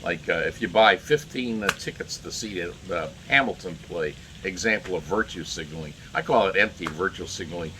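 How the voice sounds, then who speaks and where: A man's voice: sits low, a little fast, hardly any pauses, background noise. A man giving indignant solo political commentary, rambling with many fillers and restarts.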